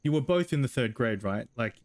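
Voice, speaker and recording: A man's voice: medium pitch, animated, fairly quick, a little mellow, no room sound. Joking young man streaming a game. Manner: joking, laughing commentary. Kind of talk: let's play commentary.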